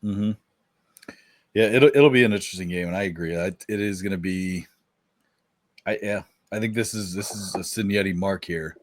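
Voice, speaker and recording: A man's voice: low voice, normal speed, long pauses, no echo, studio quality. A man co-hosting a sports podcast, easygoing, moving the talk from game to game. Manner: easygoing, leads the segments. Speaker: podcast co-host. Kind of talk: casual sports chat.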